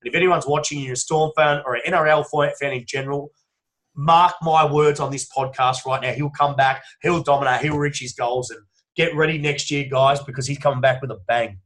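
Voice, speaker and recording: A man's voice: fairly high pitch, fairly even intonation, fairly quick, a bit bright. An Australian man, a strength coach, talking in a casual podcast interview, swearing freely and telling long emphatic stories. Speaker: strength and conditioning coach, guest.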